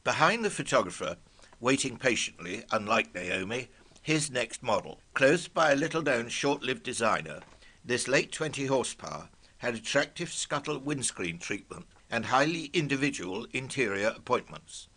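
A man's voice: mid-range voice, moderate pace. An older man narrating a scripted spoken memoir in a wry, vivid manner. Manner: wry, vivid, brightly expressive. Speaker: storyteller.

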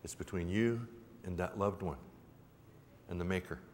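A man giving a public talk in a folksy, gently humorous way, with a rhythmic, repetitive storytelling cadence. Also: deep voice, normal speed. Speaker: symposium speaker. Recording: reverberant hall with faint background noise.

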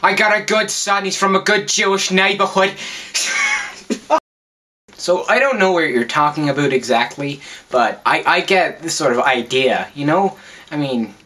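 A loud, nasal New York mother, as a man puts her on, pushy and brash, with a bright, cutting tone. This is a comic stereotype voice in a sketch vlog. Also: fairly high pitch. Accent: put-on New York.

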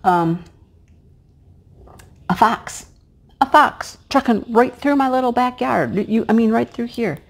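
A middle-aged woman chatting casually while she crafts, her voice hoarse and cracking, sometimes dropping to a hush as she works. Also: fairly high pitch, animated, takes it slowly, long pauses. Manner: chatty and homey, drops to a hush while placing pieces. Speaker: crafting vlogger and teacher. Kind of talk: casual chat while diamond painting.

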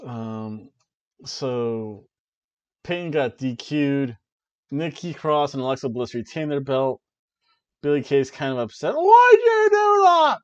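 A man hosting a wrestling review show, talking in an animated, chatty way with offhand asides. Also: mid-range voice, slow, pauses often, muffled recording. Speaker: wrestling review podcast host. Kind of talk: casual chat.

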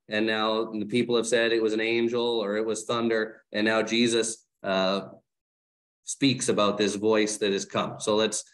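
Man casually leading a Bible study. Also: medium pitch. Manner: conversational, asks the group questions; fillers and self-corrections while explaining. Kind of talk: casual teaching talk.

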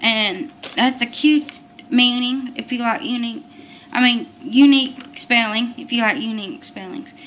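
A woman's voice: on the high side, measured pace, fairly bright tone, a little hiss or hum. A young adult woman vlogging in a casual, chatty way about baby names, often apologizing and getting tongue-tied. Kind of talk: casual baby-name vlog.

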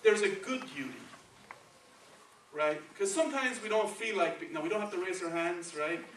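This clip, recorded from a distance in a reverberant church sanctuary, features a man giving a sermon in Spanish-accented English. He keeps it conversational, often checking in with listeners through "okay" and "right," and his high, slightly bright voice moves at a moderate pace over slight background noise.

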